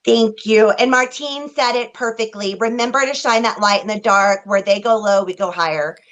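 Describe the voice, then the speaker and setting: A woman's voice: mid-range voice, normal speed, a bit bright, rough recording. A woman co-hosting a psychic reading livestream, talking emotionally and directly to the chat viewers. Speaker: psychic reader and co-host.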